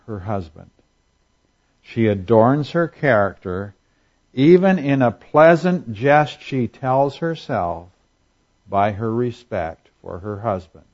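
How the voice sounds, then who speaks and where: A man's voice: medium pitch, a little mellow. Guy preaching, casual and chatty, lots of "right?" asides, muffled lo-fi audio. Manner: conversational, asks the congregation rhetorical questions; acts out quotes in voices for humor. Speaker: pastor. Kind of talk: sermon.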